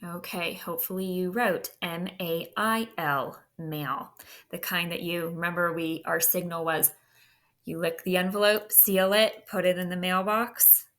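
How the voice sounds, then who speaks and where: A woman teacher giving a slow, deliberate spelling dictation lesson, saying each word, using it in a sentence, then checking the marking. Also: lowish voice, steady tone, a bit bright.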